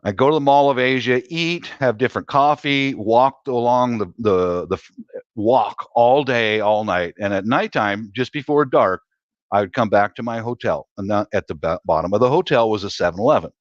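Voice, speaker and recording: Middle-aged male storyteller, chatty and quick to laugh, dull lo-fi dry audio. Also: medium pitch, dry recording. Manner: laughs often at his own stories. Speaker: guest telling stories. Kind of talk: casual storytelling chat.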